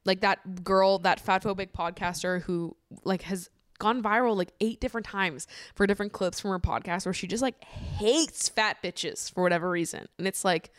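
A woman's voice: medium pitch, moderate pace, a bit bright, no echo, clean studio sound. Profane, opinionated young woman ranting. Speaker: podcast host. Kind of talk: casual solo podcast rant.

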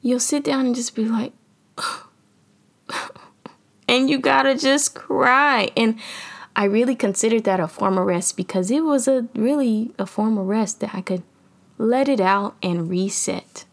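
A woman hosting a podcast, giving casual motivational talk in a lively, slangy, preachy way and laughing often. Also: on the high side, moderate pace, vocal fry. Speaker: podcast host.

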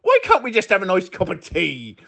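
Comic bit: man doing a bright, giggly Cockney Bond, rambling and clueless, voice-message sketch. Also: sits high, huge pitch swings, fairly quick, gravelly, heavily acted. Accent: Cockney, put on. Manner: giggling, rambling, filler-heavy. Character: giggly dim Cockney James Bond, male adult.

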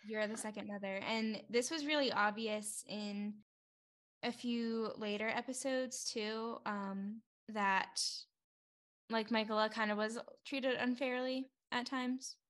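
A woman's voice: on the high side, steady tone, slow, a bit bright. A young woman co-hosting a podcast, chatting casually and agreeing often with short affirmations. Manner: agreeable, supportive listener with brief affirmations. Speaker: podcast co-host. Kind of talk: casual recap chat.

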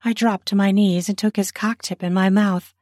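A woman narrating an erotic story in the first person, soft and breathy, sometimes dropping to a whisper. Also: mid-range voice, steady tone, normal speed, dry recording, studio quality.

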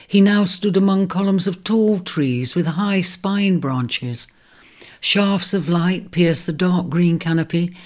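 A storyteller reading a children's fantasy tale in an expressive narration. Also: mid-range voice.

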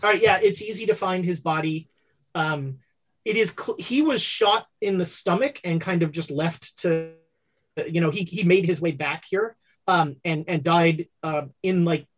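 A game master narrating a tabletop horror game with many halting fillers. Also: mid-range voice.

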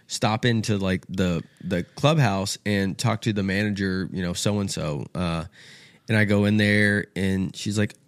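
Animated man telling a story. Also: sits low, measured pace, no room sound. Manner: animated storyteller acting out quotes with swearing. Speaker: podcast guest, golf apparel co-founder. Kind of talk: casual storytelling.

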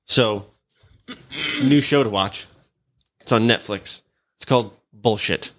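A man's voice: fairly low pitch, slow pace, fairly bright tone. A young man chatting casually with friends, cursing freely and laughing as he explains things. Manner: profane, laughing storyteller. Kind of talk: casual chat.

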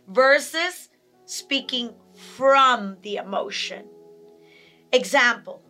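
A woman's voice: on the high side, pushed and bright. A woman giving a teaching talk on handling emotions, repeating key points and acting out angry and sad examples. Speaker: speaker on emotional health.

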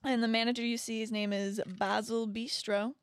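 Young female game master, slightly high voice, casual storytelling. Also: flat delivery, normal speed, a little hiss or hum. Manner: casual, laughing, loose narration. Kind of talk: narrating a tabletop game.

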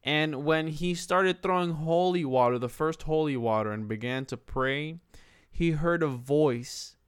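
Guy on a podcast telling a spooky story, swears a lot, smooth voice, dry close sound. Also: on the high side, unhurried, no room sound. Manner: loose, profane storytelling with restarts. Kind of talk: casual podcast chat, retelling a haunting story.

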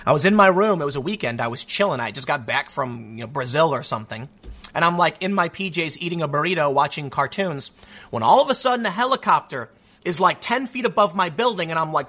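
A man's voice: fairly high pitch, big pitch swings, fast talker, bright, forceful tone. A man hosting a sarcastic opinion monologue, rambling with frequent restarts. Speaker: commentary host.

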